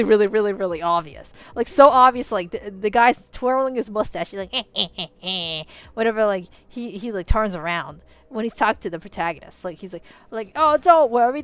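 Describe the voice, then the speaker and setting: A woman's voice: medium pitch, dry recording. Chatty rambling woman, dry close sound. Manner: chatty and rambling, with many "you know"s and self-corrections; swings between quiet musing and loud outbursts. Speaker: vlogger. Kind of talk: casual rambling commentary.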